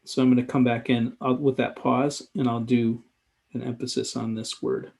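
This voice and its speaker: A man's voice: mid-range voice, flat delivery, normal speed, creaky, darkish tone. A man giving live commentary in a drawing tutorial, talking casually and thinking aloud as he sketches. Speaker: sketchnoting instructor.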